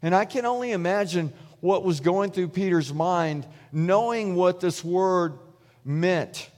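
A man delivers a sermon in an easy, chatty manner, slipping into the voices of the people in his story. His voice sits a little higher than most men's. The sound carries a long reverb, like a church hall. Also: measured pace, darkish tone. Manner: conversational storytelling, acts out quoted voices. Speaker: preacher.

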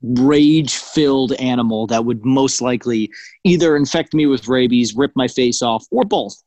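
Male podcast co-host, mid-pitched, hamming up stories in a dry, close recording. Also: moderate pace, a little mellow, dry recording. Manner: jokey, exaggerated storytelling. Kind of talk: casual comedic chat.

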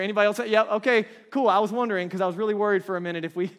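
A man's voice: high-pitched, steady tone, racing. A man in his thirties preaching a conversational sermon, often checking in with his listeners. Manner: conversational, keeps checking in with the crowd. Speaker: pastor. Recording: long reverb of a large hall.

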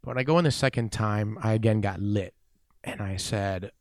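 Lively, low-voiced man telling a story. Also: normal speed, no echo, clean studio sound. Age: around 40. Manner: animated storyteller, acts out dialogue, says "man" a lot. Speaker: weightlifting coach. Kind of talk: storytelling in a podcast interview.

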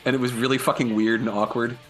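A man's voice: mid-range voice, flat delivery, fast talker, fairly bright tone, faint music behind. A man co-hosting a podcast in casual chat, swearing often and laughing a lot. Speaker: podcast co-host.

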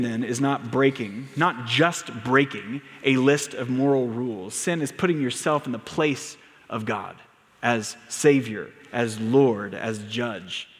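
A man's voice: mid-range voice, fairly bright tone. A man preaching a sermon to his congregation, telling stories and building to emphatic, raised lines. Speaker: pastor. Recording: long reverb of a large room.

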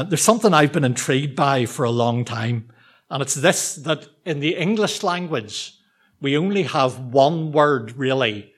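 A man preaching a sermon to a church congregation, talking in a relaxed, conversational, self-deprecating way with frequent ums and restarts. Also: a little high, breathy edge.

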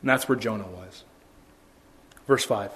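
A man's voice: lowish voice, unhurried, a bit bright. A man preaching a sermon as a pastor, in a conversational way with many rhetorical questions.

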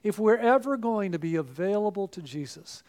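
A man with a high-pitched voice delivers a sermon. He is emphatic, rising to loud exclamations and then dropping to hushed asides as he preaches. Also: lively intonation, moderate pace.

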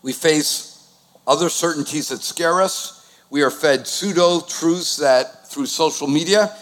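A man's voice: on the high side, a little slow, fairly bright tone. A man, preaching a conversational sermon with sudden swings in volume. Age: 60s. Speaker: pastor. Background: new-age music.

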